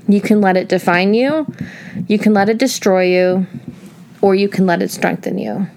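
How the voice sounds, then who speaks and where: A woman's voice: medium pitch, steady tone, moderate pace, vocal fry, a little mellow. A woman in her thirties from Northeast Ohio, hosting a solo podcast in a chatty, casual way, with lots of filler words and emphatic asides. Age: 30s. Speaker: podcast host.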